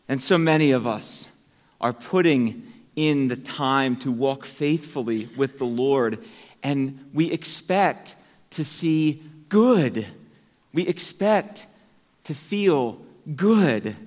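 A man preaching a sermon as pastor, in an unhurried, conversational way that lifts for emphasis. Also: medium pitch, lively intonation. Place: church sanctuary. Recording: long church hall reverb.

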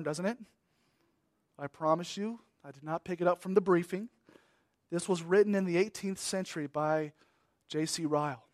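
A man preaching a sermon as pastor, emphatic, swinging from loud declarations to hushed lines. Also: a little high, no room sound, clean studio sound.

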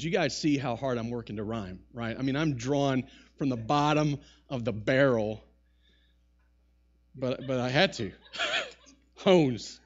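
A man preaching a sermon to a congregation in a church, talking with rising bursts and quick asides. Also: mid-range voice, a bit bright, highs cut off. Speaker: pastor. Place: church sanctuary.

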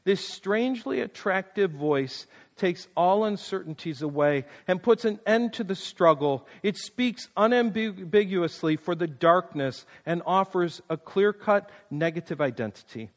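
A man delivering a reflective devotional reading in a slow, earnest and tender way. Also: high voice, animated, long reverb tail. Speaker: preacher.

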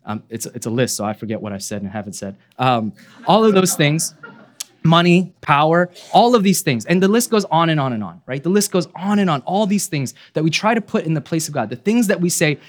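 A man preaching a sermon as pastor, earnest, posing rhetorical questions and dropping his voice low to land key points. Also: very animated, brisk.

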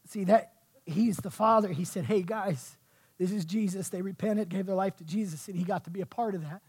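Man, pastor, fervent sermon, high-pitched voice, soft to shouting. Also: a little fast, slightly rough. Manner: impassioned preaching, swinging from soft to shouting. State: sweating. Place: church.

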